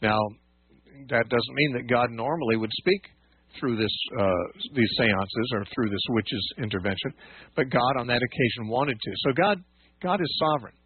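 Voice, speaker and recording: Husky male radio Bible teacher. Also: medium pitch, lively intonation, normal speed. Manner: patient, explanatory, many fillers and restarts. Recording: dry phone-like radio audio.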